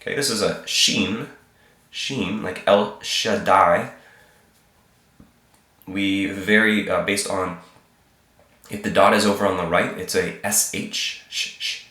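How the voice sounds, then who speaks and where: A man with a very low voice and a cold that roughens it, teaching slowly and patiently. He repeats each sound and keeps checking in with the listener. The room around him rings with echo. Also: fairly even intonation, pushed and bright. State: sick, slightly hoarse. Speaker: Hebrew teacher. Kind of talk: informal alphabet lesson.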